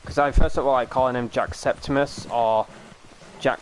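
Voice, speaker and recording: British man, live streamer, casual chat, rambling, swears, medium pitch. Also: fairly even intonation, moderate pace, a little hiss or hum, low-quality recording. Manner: rambling, swears, laughs easily.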